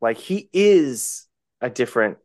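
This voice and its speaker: A man's voice: medium pitch, sing-song, unhurried, a little mellow. A man co-hosting a podcast, chatting about a film and asking questions as he thinks aloud. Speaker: podcast co-host. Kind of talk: casual film discussion.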